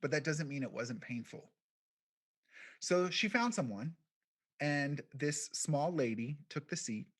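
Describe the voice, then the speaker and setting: A man giving a keynote, telling a personal story in a quiet, reflective way with deliberate pauses. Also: a little high, animated. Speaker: keynote speaker, podcast founder.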